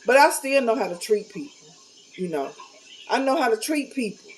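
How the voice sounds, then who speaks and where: A woman's voice: on the high side, very animated, moderate pace, rough recording. A middle-aged woman talking casually to camera, candid and blunt, with a folksy, preachy manner. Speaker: vlogger.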